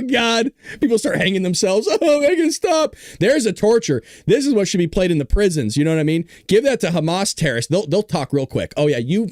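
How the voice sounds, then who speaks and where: Male podcast host, mocking commentary, animated swooping pitch, dry close sound. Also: no echo. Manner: laughs through his reading, mocking. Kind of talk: commentary reading an article aloud.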